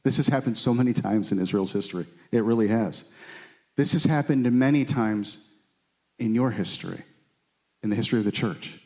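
A man with a dark tone and moderate pace leads a Bible study in an earnest, informal, conversational sermon style, often checking in with "right?" and "okay?". When he acts out quotes, his pitch lifts into a pleading sound.

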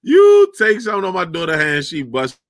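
A young adult man chatting casually, telling an animated, profane story and laughing often. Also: high voice, brisk, dry recording.

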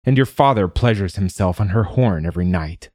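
A calm, sharp-tongued boy monk, as a man puts him on speaks in a still, clear voice. The voice is deep and mellow, recorded close and dry. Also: fairly quick, no echo. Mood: cool.

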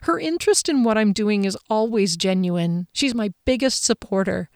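A woman narrating a first-person audiobook in a measured, expressive way. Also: mid-range voice, no echo, clean studio sound.

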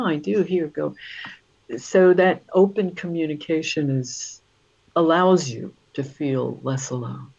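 A woman's voice: low-pitched, darkish tone, highs cut off, slight background noise. A woman author being interviewed, talking in a rambling, chatty way with many fillers. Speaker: author guest. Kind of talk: casual interview chat.

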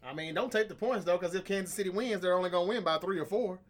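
A man's voice: high voice, fast talker. A man co-hosting a casual sports podcast, talking with confident, boastful trash talk about his picks. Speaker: podcast co-host.

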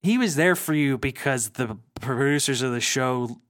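An animated man recapping a reality show in casual chat, breaking into mocking impressions as he goes. His voice sits in the middle range. The sound is close and dry, with no room echo. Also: medium pitch, moderate pace. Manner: animated storytelling, slips into mocking voices of people he quotes. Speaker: podcast co-host.

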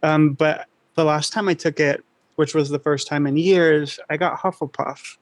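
Dry deadpan man, slightly high voice. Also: normal speed, no echo. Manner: dry, deadpan one-liners. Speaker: podcast guest. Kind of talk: casual chat.

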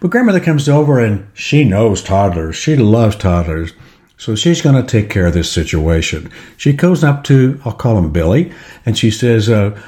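Older man, lively storytelling talk. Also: on the low side, normal speed. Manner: reflective, storytelling, acts out scenes.

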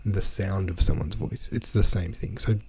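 A man's voice: sits low, steady tone, normal speed, gravelly, dark tone, a little hiss or hum. A man hosting a podcast, reading from a novel aloud and complaining in an exasperated, ranting way about its wordy sentences. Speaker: podcast host.

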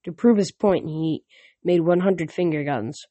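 A man casually reading a novel aloud, halting with restarts, recorded on a phone lying nearby. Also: fairly high pitch, warm tone, no room sound, muffled recording. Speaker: audiobook reader.

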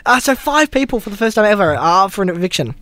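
A man's voice: sits high, very animated, quick pace, bright, forceful tone, no echo. A man co-hosting a podcast, laid-back and joking as he recaps events in casual chat. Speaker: podcast co-host.

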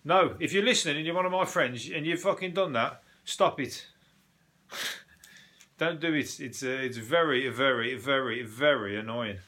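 A man's voice: medium pitch, unhurried, bright, forceful tone. A man hosting a casual news review, rambling, swearing and laughing as he goes. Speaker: podcast host.

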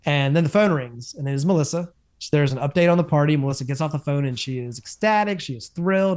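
A man co-hosting a casual chat, recapping TV episodes in an animated way with lots of fillers and restarts. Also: on the high side, quick pace, hardly any pauses. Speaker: podcast co-host.

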